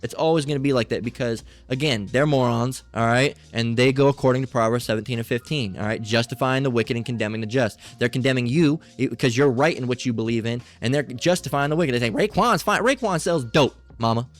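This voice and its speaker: A man's voice: medium pitch, fairly even intonation, fast, few pauses. A man preaching in a loose, informal sermon, blunt and profane, often repeating "all right" as he talks.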